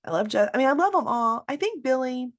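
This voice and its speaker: A woman's voice: sits high, expressive, quick pace. A woman with children co-hosting a podcast, chatting casually about TV characters and agreeing often. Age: adult with children. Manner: agreeable, backchannels a lot. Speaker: podcast co-host.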